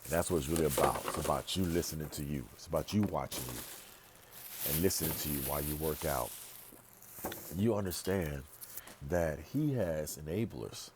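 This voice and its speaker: A man with an extremely deep, low voice talks straight to the camera in a casual vlog. He hammers his points home by repeating phrases and drifts into rambling asides and restarts. A faint hiss of background noise sits under the recording. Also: normal speed. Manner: emphatic, repeats phrases for stress. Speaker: pastor and vlogger.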